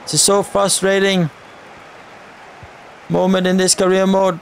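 A gaming channel host with a high voice gives slow, flat live commentary on his football video game, pausing often. He urges the on-screen players on and talks directly to his viewers over a little hiss or hum.

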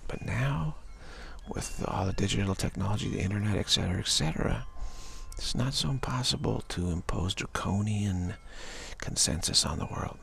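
A man giving a rambling, gentle spiritual talk, full of repeated phrases and "you know.". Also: fairly low pitch, lively intonation, normal speed, gravelly. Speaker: spiritual speaker.

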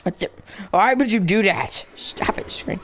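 A man's voice: high-pitched, sing-song, unhurried, a bit bright. A young man commentating his own gameplay, rambling and jokingly insulting the characters on screen. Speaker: gaming channel host. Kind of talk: let's play commentary.

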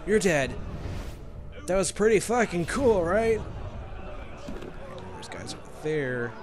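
A man's voice: high voice, sing-song, slow pace, music in the background. Joking man narrating a game playthrough. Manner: joking, laughs often, crude asides. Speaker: gameplay commentator. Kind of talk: let's play commentary. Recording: background noise.

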